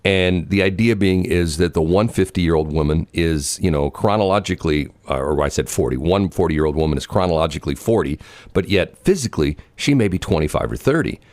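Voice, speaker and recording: Deep-voiced rambling radio host. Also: male voice, lively intonation, brisk, darkish tone, dry recording. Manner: rambling storyteller, many restarts and fillers. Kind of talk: casual morning radio chat. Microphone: studio mic.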